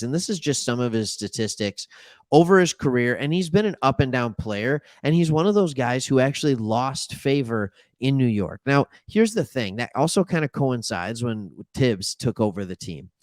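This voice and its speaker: A man hosting a casual sports talk show, rambling and correcting himself with animated asides. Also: mid-range voice, no room sound, studio quality. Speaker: sports podcast host.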